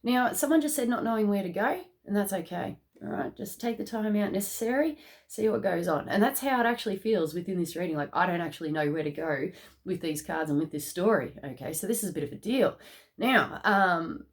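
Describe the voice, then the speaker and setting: A woman giving a casual spiritual card reading to viewers, excitable, laughing often and checking in with "okay?" after each point. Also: medium pitch, brisk. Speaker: tarot reader.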